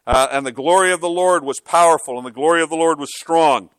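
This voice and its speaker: A man preaching a sermon in a relaxed, conversational tone that turns emphatic on key points. His voice sits a little high for a man, and he keeps asking the congregation rhetorical questions. The sound is close and dry. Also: quick pace, no echo. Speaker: pastor.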